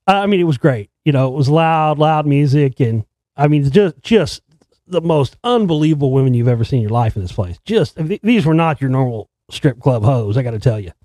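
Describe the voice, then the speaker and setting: A man's voice: mid-range voice, lively intonation, brisk, warm tone, no echo. A man who makes films tells a rambling, profane story in a casual way, often restarting his sentences. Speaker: filmmaker telling a story.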